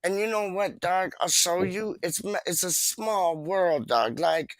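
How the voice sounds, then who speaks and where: A man's voice: sits high, a little slow, dry recording. A man hosting a livestream in casual chat, rambling and repeating himself with lots of street slang. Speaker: livestream host.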